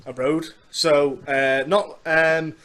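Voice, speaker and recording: Manx guy hosting a podcast, rambly and jokey about himself, voice sits a bit high. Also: level tone, slow, fairly bright tone. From Isle of Man. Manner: chatty, rambling, self-deprecating. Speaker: podcast host. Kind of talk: casual interview chat.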